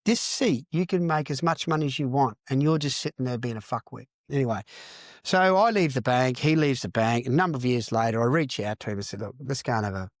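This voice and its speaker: A man's voice: mid-range voice, fast talker, dry recording, clean studio sound. A middle-aged Australian man telling his story in a candid interview, blunt and sweary, calling people "mate". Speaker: podcast guest, recovering addict and counsellor.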